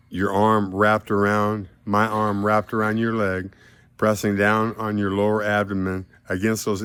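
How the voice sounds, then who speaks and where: A man with a low, monotone voice talks straight to the camera in a long, rambling monologue. His delivery swings between loud declarations and low mumbling. The sound is dry and close. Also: clean tone, no room sound. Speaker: vlogger addressing a celebrity.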